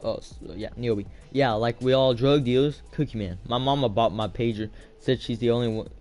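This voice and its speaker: A man's voice: medium pitch, moderate pace, a little mellow, faint music behind. Man casually reading a novel aloud. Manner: loose, chatty, stops to comment on the reading. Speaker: reader of a novel.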